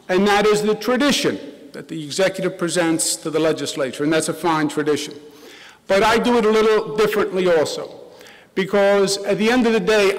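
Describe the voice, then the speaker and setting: Middle-aged man, Queens New York accent, governor's speech, chatty and rambling, long reverb of a big hall. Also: high-pitched. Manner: conversational, loose, with folksy asides and restarts. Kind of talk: public policy speech. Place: large college auditorium.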